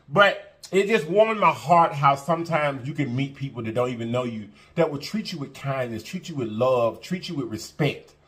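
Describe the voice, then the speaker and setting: A man's voice: mid-range voice, lively intonation, moderate pace, fairly bright tone. A man hosting an eating show, talking earnestly and a little preachily to his viewers, repeating phrases and addressing them as y'all. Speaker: mukbang eating-show host. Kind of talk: casual heartfelt talk to camera.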